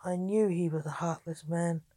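A woman's voice: lowish voice, steady tone, moderate pace, dark tone, dry recording, natural voice. Prim disapproving young lady, read by a woman.

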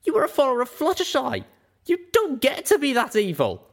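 A man voicing a young female unicorn, reading her lines in sharp, clipped outbursts. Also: very high voice, wildly swooping pitch, a little fast, pitched above the performer's own voice, exaggerated voice. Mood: coldly furious. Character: young female unicorn, fierce and cold when angered.

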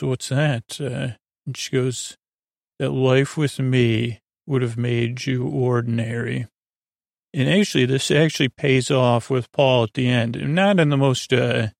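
Gravelly, flat-voiced man rambling softly. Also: mid-range voice, no room sound, studio quality. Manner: loose, drowsy, full of "uh" and "he goes". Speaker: podcast host retelling an episode. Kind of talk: rambling bedtime story retelling.

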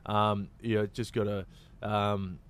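A man's voice: lowish voice, flat delivery, slow pace, clear, resonant tone. A man with an Australian accent, a comedian and actor, talking in a loose, rambling way full of fillers and restarts. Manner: laid-back, rambling with many fillers and restarts. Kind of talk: casual chat.

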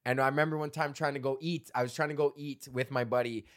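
A man's voice: medium pitch, steady tone, fast. A man in his thirties hosting a solo comedy podcast, reading out old jokes, rambling and swearing, laughing at his own material.

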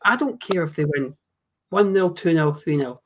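A man, co-hosting a football podcast, emphatic and swearing in fast bursts. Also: fairly high pitch, fairly bright tone, slight background noise. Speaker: podcast co-host. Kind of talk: casual football chat.

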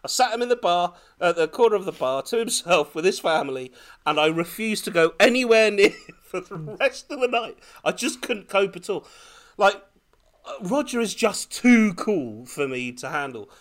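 A man on a podcast telling a lively personal story in casual chat, laughing often as he goes. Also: high-pitched, moderate pace. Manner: animated, laughing, breathless when excited. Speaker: podcast co-host.

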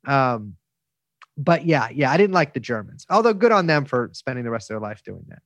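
A man's voice: a little high, very animated, brisk, fairly bright tone, dry recording. A man telling stories as an interview guest, rambling through restarts and fillers and swearing freely. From United States. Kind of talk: casual storytelling interview.

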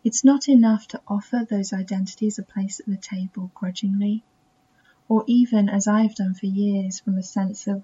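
A woman podcast host with a self-taught English accent, speaking in a soft, reflective monologue that keeps slipping into near-whispers. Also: mid-range voice, fairly even intonation, moderate pace, breathy edge. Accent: self-taught English accent that drifts toward American. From England. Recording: dull, muffled recording.

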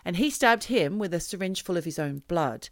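A woman's voice: on the low side, expressive, normal speed, no echo, studio quality. A woman co-hosting a podcast who tells a true crime story in a chatty, dramatic way. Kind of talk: casual storytelling chat.

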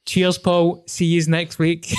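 A man's voice: medium pitch, a little mellow. A young Scottish man hosting a casual podcast chat, candid, joking and swearing freely. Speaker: podcast host.

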